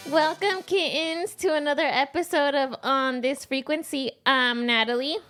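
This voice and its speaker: Bubbly woman hosting a chatty podcast, kinda high voice. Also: fairly even intonation, moderate pace, music in the background. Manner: playful, bubbly. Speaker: podcast host. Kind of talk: casual podcast chat.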